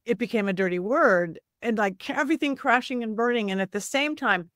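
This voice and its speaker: A woman psychic medium guest telling lively stories in a casual interview, often acting out the voices of people she quotes. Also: fairly high pitch, dry recording, studio quality. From Southern California. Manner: animated, acts out quoted voices, quick asides.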